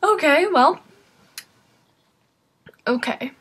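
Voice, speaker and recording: In a high voice and at an extremely slow pace, a woman gives excitable, casual commentary while reacting to a video. She exclaims often and talks directly to the people watching.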